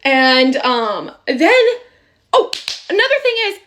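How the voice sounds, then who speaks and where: A woman's voice: high-pitched, very animated, takes it slowly, fairly bright tone, slight background noise. Chatty young woman with a dating story. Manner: chatty, full of fillers and laughs.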